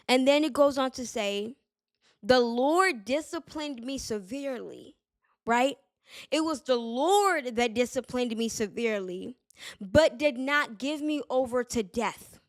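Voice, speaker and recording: Woman with a dry, higher voice giving a devotional talk. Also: no echo. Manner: conversational, many fillers, repeats key phrases for emphasis. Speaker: podcast host. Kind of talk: casual devotional talk with scripture reading.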